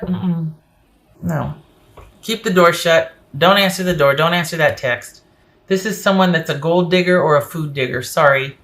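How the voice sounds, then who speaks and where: A woman's voice: deep voice, a bit bright. A woman giving a casual tarot reading to camera, emphatic and opinionated as she speaks straight to the viewer. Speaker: tarot reader.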